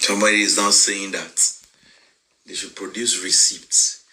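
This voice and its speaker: A man's voice: low voice, little pitch movement, unhurried, sharp tone, rough recording. A man with a Nigerian accent giving an impassioned address, switching between English, Yoruba and pidgin and growing emphatic. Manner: mixes English, Yoruba and pidgin, emphatic and rising when indignant. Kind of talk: impassioned live-stream address.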